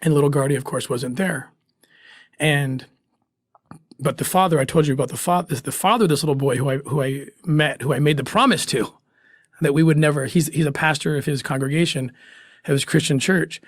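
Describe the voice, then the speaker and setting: A man's voice: a little high, fairly quick, dry recording, clean studio sound. A middle-aged man, a guest in an interview, telling a first-person story in an earnest way that halts with emotion.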